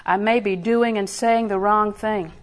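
A woman's voice: mid-range voice, steady tone, measured pace. A woman preaching a sermon in a conversational way, laughing often and building emphasis.

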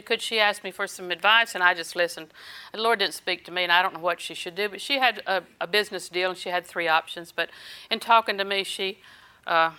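Bright-voiced older woman preaching. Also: mid-range voice, clear, resonant tone. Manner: storytelling with quoted dialogue and laughter. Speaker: minister. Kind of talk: sermon.

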